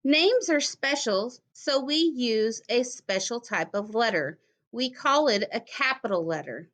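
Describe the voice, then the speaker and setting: A woman teaching a phonics lesson to young children, speaking slowly and carefully and repeating words for them to hear. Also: on the high side, animated, fairly bright tone. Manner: slow, careful, encouraging, repeats words clearly.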